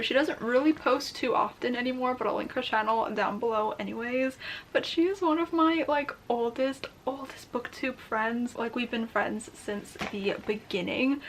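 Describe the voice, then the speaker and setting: A young woman chatting casually to camera at home in a writing vlog, gushing and gasping with excitement now and then. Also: high-pitched, slight background noise, low-quality recording. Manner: chatty, gushing with excitement, gasps and soft exclamations. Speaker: booktube vlogger and writer. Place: home, at a desk.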